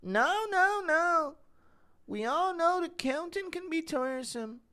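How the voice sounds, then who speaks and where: A female-sounding synthetic voice reading chat messages as a meek, preachy, self-pitying young man in a flat, measured way. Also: extremely high pitch, exaggerated voice.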